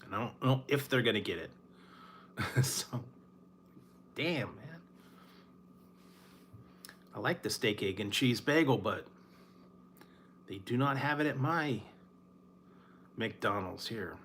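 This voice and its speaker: A man from Northern California chatting casually about fast food, rambling and laughing often between his words. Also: medium pitch, expressive, a bit bright, a little hiss or hum. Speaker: food reviewer. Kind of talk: casual late-night chat.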